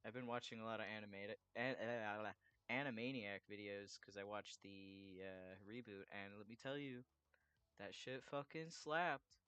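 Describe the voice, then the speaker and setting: Guy drawing and rambling to chat, smooth bright voice, dry close sound. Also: on the low side, fairly even intonation, normal speed, no echo, lo-fi sound. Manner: rambling, chatty, swears freely. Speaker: artist drawing commissions. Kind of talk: casual chat while drawing.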